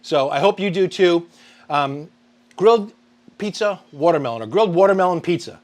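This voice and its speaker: A man's voice: high voice, lively intonation, moderate pace, a little mellow. A man hosting a grilling show, talking viewers through a recipe in an upbeat, chatty way. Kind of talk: cooking demonstration to camera.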